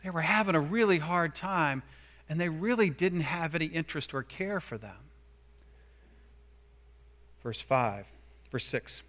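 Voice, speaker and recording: A man's voice: a little high, bright, forceful tone. A man preaching a sermon as pastor, conversational and plain, turning emphatic when he acts out what people say.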